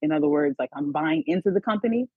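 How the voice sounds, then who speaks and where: A woman calls in and thinks aloud, rambling with lots of fillers. Her voice is breathy and dry, heard over a tinny phone line. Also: deep voice, animated, fast talker, no room sound. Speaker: caller. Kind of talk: casual phone call.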